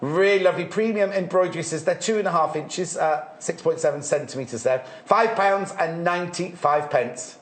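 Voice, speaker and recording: A man's voice: on the high side, moderate pace, few pauses, roomy sound. Chatty man selling on air. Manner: chatty, lists prices, laughs easily. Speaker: shopping channel presenter. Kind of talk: live TV sales chat.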